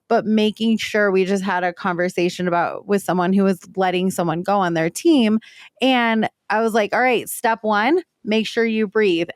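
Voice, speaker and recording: A woman in her thirties co-hosting a casual podcast, candid and animated, swearing casually and laughing often. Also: mid-range voice, no room sound, clean studio sound. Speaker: podcast co-host. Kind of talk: casual conversational podcast chat.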